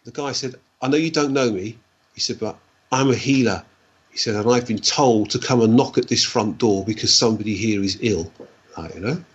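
Husky man telling a story. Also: lowish voice, lo-fi sound. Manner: halting, repeats words, fillers like "like, you know". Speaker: guest. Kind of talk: personal storytelling in a conversation.

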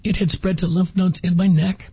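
A man's voice: high voice, level tone, moderate pace, dark tone, breathy edge, no room sound, highs cut off. A man guest on a radio interview, earnestly recounting his experience and acting out quoted dialogue. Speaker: interview guest, former patient.

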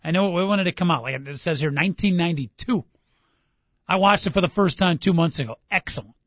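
A man's voice: high voice, fast, a bit bright, no echo. A man hosting a casual sports talk radio show, quizzing his co-host on movie lines and reading them aloud. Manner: upbeat quizzing, reads lines aloud, laughs easily. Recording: dull dry studio sound.

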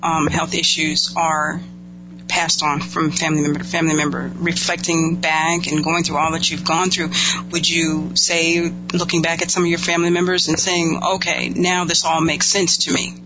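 A man's voice: on the high side, monotone, normal speed. A man hosting an interview, encouraging and a little hesitant as he asks questions. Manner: encouraging, hesitant with fillers and restarts. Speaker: interview host. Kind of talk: interview conversation. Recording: dull lo-fi sound with clear hum.

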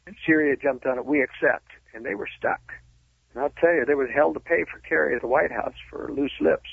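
Gravelly man on a phone line. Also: a little high, fairly quick, no room sound. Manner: emphatic, explanatory. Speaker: guest political analyst. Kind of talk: phone-in radio interview. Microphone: telephone.

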